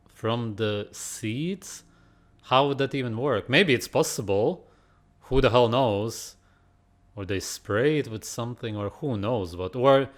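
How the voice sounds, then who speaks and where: A man giving sarcastic, mocking reaction commentary over a video. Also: mid-range voice. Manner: puts on a mock British accent at times.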